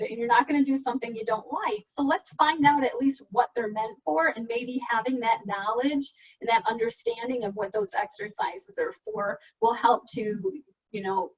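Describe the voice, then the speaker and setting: High-voiced woman speech therapist, breathy call. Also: lively intonation, moderate pace. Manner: patient, step-by-step explaining with spoken demonstrations. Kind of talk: online support group presentation. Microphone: video call. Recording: dull lo-fi call audio, from a distance.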